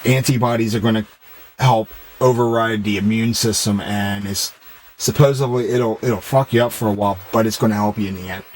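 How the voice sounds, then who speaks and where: Low-voiced man chatting on a game stream. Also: a little hiss or hum, rough recording. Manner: rambling, loose and joking, reads chat aloud. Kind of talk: casual chat with stream viewers while gaming.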